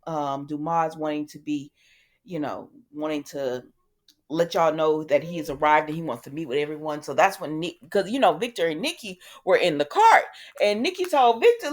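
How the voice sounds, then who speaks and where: Chatty woman recapping soaps. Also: on the low side. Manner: chatty and animated, acts out quotes, many ums. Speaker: soap opera recap host. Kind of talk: casual recap chat.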